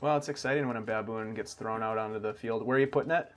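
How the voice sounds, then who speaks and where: A man's voice: lowish voice, fast, soft background music. A man running a tabletop game as game master, calling rolls and describing combat in an easygoing way.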